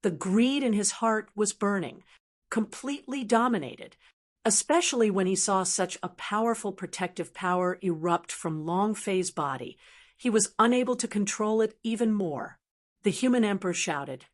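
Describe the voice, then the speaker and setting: A woman's voice: mid-range voice, normal speed. A woman steadily reading a fantasy novel aloud as an audiobook narrator. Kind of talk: scripted narration.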